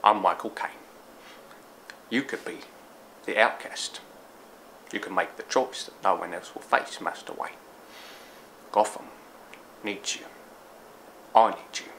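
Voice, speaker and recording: A man voicing an older butler, hushed, breathy and solemn. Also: lowish voice, slight background noise, full character voice, rough recording. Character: older English butler, grave and tender.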